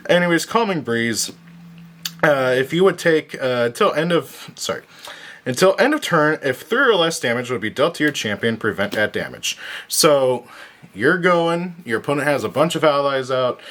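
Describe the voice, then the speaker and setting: A man's voice: medium pitch, a bit bright, slight background noise. A tired man casually walking through his card game deck, rambling with frequent fillers and self-corrections. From United States. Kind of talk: casual deck profile talk.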